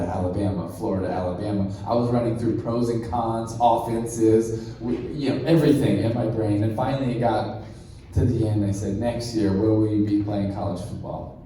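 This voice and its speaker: A man in his thirties giving a motivational keynote speech, telling a story and acting out the dialogue in an animated way. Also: fairly low pitch, slight background noise. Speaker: keynote speaker. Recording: echoey hall from far off.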